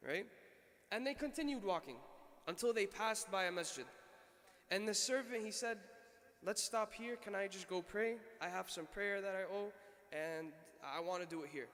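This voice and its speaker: A man's voice: sits high, moderate pace, fairly bright tone, in a large hall. A man delivering a Friday sermon, telling a story in an earnest way and often asking "right?". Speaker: khatib giving Friday sermon. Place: mosque prayer hall.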